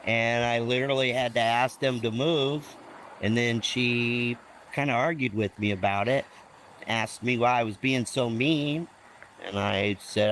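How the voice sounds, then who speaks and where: A man telling an irritated, animated story in a street interview outdoors by a road. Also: medium pitch, a little hiss or hum. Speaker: pizza shop owner giving a statement.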